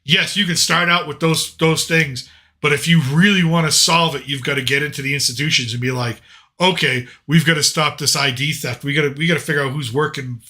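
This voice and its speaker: Bright-voiced American man telling stories. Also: fairly high pitch, a little fast. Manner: rambling anecdotal, frequent restarts and quoted dialogue. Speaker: podcast host. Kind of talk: casual storytelling chat.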